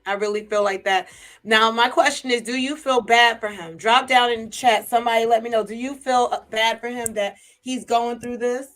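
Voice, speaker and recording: A woman vlogger, gossiping in casual commentary to a live chat, chatty and animated. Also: a little high, normal speed, faint music behind.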